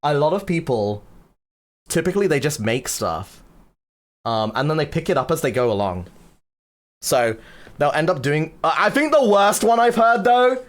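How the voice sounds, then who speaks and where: Young-sounding male streamer explaining music theory, loose and crude, slightly high-pitched. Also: expressive, moderate pace, long pauses. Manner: joking, crude and swearing, filler-heavy. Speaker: streamer teaching music production. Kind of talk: casual livestream chat.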